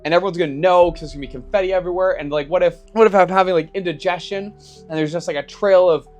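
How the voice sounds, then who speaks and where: A man's voice: high-pitched, fairly even intonation, quick pace, a little mellow, dull audio, soft background music. A young man in casual vlog talk, chatty and rambling, restarting his sentences when he gets flustered. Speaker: YouTuber.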